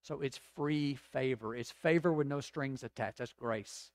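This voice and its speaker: A man preaching a sermon as pastor, rising to emphatic swells and dropping to slow, quiet reflection. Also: mid-range voice, dry recording.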